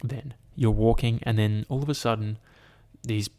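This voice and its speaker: On his solo podcast, a man tells stories and rants to the listener, peppering everything with curse words and endless "like" fillers. His voice is on the low side and his speed is normal, with an animated storytelling feel.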